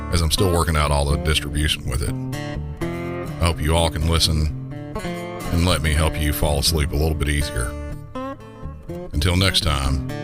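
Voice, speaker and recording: A very deep-voiced man with a Southern accent signs off his podcast in a folksy, easygoing way. Loud music plays under his voice the whole time. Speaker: podcast host. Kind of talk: podcast sign-off.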